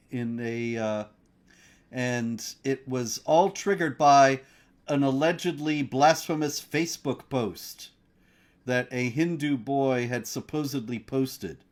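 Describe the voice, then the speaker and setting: A man hosting a news commentary discussion, laying out stories in a measured, reporting style with fillers. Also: mid-range voice. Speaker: host.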